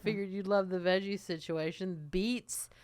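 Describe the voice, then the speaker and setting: Smooth-voiced woman telling an animated story. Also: mid-range voice, normal speed, dry recording. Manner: animated storyteller, trails off and restarts. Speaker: podcast co-host. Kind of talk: casual chat.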